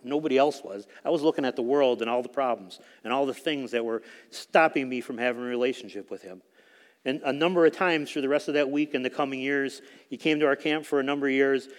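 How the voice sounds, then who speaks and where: A middle-aged man speaks to a church congregation, telling a story with plenty of ums and restarts. His voice sits at an ordinary pitch for a man. A long reverb from the church hall trails after his words. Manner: storytelling, conversational, with frequent fillers. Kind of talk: sermon testimony.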